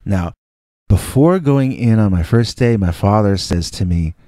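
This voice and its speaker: A man's voice: on the low side, a little fast, dark tone, no echo, clean studio sound. Rambling, self-mocking middle-aged male storyteller. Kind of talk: casual spoken storytelling. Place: indoors.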